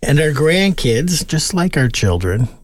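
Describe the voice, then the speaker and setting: A man hosting a radio show, speaking gently and earnestly and reading a blessing. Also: fairly high pitch, big pitch swings, measured pace. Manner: gentle, earnest, laughs easily. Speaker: host. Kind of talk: warm radio talk and benediction.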